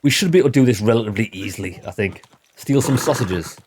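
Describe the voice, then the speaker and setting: A man's voice: lowish voice, fast, a little mellow, slight background noise. A man giving chatty, joking commentary while he plays a video game for his channel. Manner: chatty, joking, addresses viewers as lads. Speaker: gaming channel host. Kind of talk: casual gameplay commentary.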